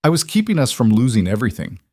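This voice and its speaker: A man's voice: medium pitch, very animated, fast, a little mellow, no room sound, studio quality, voice pushed up. A man voicing a wronged, weary wife who speaks in a strained, clipped way.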